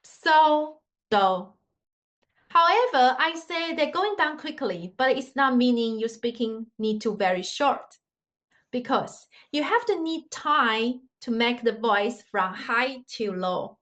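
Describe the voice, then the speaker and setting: A woman's voice: a little high, lively intonation, a little slow, a bit bright. A woman teaching a Mandarin lesson in simple non-native English, patiently demonstrating tones with sung scales. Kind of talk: online language lesson.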